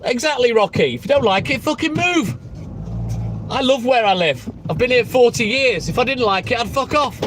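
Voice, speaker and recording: A man's voice: extremely high pitch, animated, moderate pace. A middle-aged man chatting on a phone live stream from a moving vehicle, blunt and combative, swearing heavily as he answers comments. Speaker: livestreaming milkman. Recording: noisy car with wind noise on mic.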